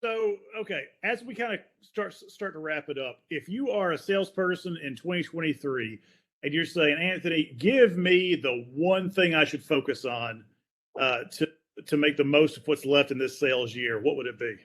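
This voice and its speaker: A man hosting a casual podcast, his voice a little higher than usual. He is friendly and jokes with his guests. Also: moderate pace, a bit bright. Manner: friendly, joking, loose. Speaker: podcast host.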